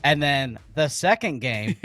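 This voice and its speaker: A man's voice: on the high side, very animated, measured pace, pushed and bright, no echo, studio quality, faint music behind. A man co-hosting a sports talk show, rambling casually through his points and restarting often. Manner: rambling, food comparisons, restarts. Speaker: co-host.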